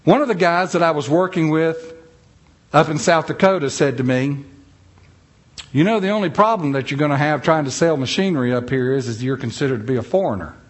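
A man's voice: a little high, a little fast. A middle-aged man with a North Carolina Southern accent, telling funny stories in a folksy, self-deprecating talk. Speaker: speaker giving a talk. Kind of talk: humorous storytelling talk.

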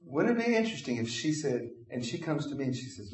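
A man's voice: medium pitch, big pitch swings, fast talker, few pauses, roomy sound. A man preaching a sermon as pastor, acting out imagined conversations with his congregation. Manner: acts out imagined dialogues with congregation.

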